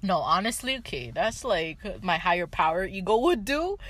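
A woman's voice: mid-range voice, sing-song, moderate pace, a crowd in the background. A woman co-hosting a casual chat, sassy and dramatic as she tells stories, swearing freely. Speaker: podcast co-host.

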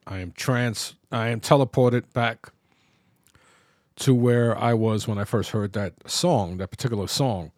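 A middle-aged man from New York talking alone on his podcast, reflective and halting, pausing and restarting as he loses his thread. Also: mid-range voice, darkish tone, no room sound, clean studio sound. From New York, Bronx. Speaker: podcast host. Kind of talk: personal podcast monologue.

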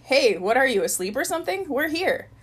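A woman's voice: high voice, sing-song, fairly quick, husky, voice pushed up, exaggerated voice. A woman reading the part of a jovial young man driving a motor launch, teasing and jolly. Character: jovial young male boat driver.

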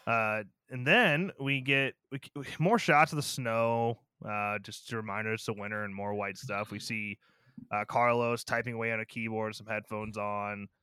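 A man co-hosting a casual movie review podcast, talking in an animated, sarcastic way and swearing freely. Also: lowish voice, normal speed, smooth, no echo, studio quality. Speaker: podcast co-host.

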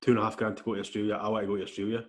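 A Scottish man in his forties who talks fast in a low voice. He co-hosts a casual podcast and fires off blunt questions with dry remarks. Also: little pitch movement, fairly bright tone. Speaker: podcast co-host. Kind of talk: casual chat.

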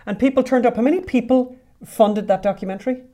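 A woman's voice: on the high side, fast, dark tone. A woman co-hosting a casual podcast chat, steering the talk and dropping dry, teasing remarks. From Ireland. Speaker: co-host.

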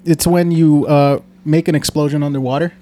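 A podcast co-host chats casually, working out an explanation as he goes. His voice sits a little higher than most men's. He hesitates, rambles and swears freely. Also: fairly even intonation, fairly quick, warm tone. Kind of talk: casual chat.

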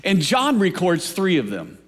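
A man's voice: high-pitched, huge pitch swings, measured pace, a bit bright. Preaching man in a reverberant hall. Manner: rhythmic preaching with repeated questions to the congregation. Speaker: pastor. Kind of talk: sermon. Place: church sanctuary. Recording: long reverb of a large hall.

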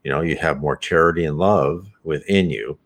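A man with a very low voice explains spiritual teachings in a loose, conversational way. He is earnest and explanatory and lifts his voice now and then to stress a point. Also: normal speed. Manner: earnest, explanatory, animated emphasis. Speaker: spiritism presenter.

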